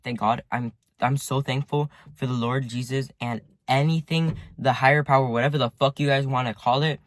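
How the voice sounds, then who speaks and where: A man's voice: mid-range voice, steady tone, moderate pace, no echo. Rambling teen guy telling a story. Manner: rambling, heavy use of "like", swears often. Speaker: vlogger. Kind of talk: casual storytime to viewers. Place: sitting in his car at home.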